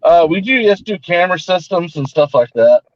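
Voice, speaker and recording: A man's voice: high voice, lively intonation, brisk, muffled recording. A man talking as a guest in a casual panel chat, hesitant and full of fillers, over a video call. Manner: hesitant, fills with "like" and "uh".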